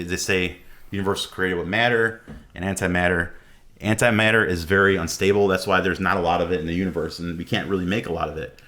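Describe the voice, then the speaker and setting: Male podcast guest, very low voice, loose rambling explanations. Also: fairly bright tone. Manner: rambling explainer, many fillers and restarts. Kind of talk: casual podcast chat.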